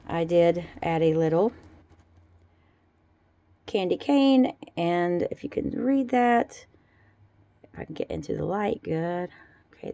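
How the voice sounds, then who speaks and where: A woman with a somewhat low, warm and mellow voice talks through her handmade pieces in a relaxed show-and-tell at home. Her chatter is easygoing and fond, full of little asides. The sound is dry and close, with no room echo. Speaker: jewelry-making vlogger.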